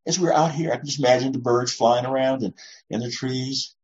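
A woman's voice: rumbling low, fairly quick. A woman pastor giving a conversational, reassuring sermon, acting out short voices as she goes. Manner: warm, reassuring, often acts out voices. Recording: dull lo-fi recording.

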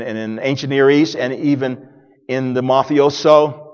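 A man preaching a sermon as pastor, dramatic, swinging from loud declarations to hushed near-whispers. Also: fairly high pitch. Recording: long reverb of a large hall.

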